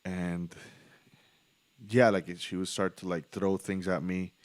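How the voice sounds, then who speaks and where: A man with a fairly low voice hosts a podcast in loose, casual chat. He talks bluntly and swears freely. His voice sounds dry and close. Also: flat delivery, slow pace, no echo. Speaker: podcast host.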